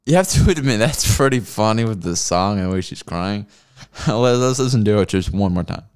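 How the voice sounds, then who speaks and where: A man's voice: lowish voice, normal speed, a little hiss or hum. A man hosting a solo comedy podcast, ranting in a rambling, profane and mocking way. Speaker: podcast host.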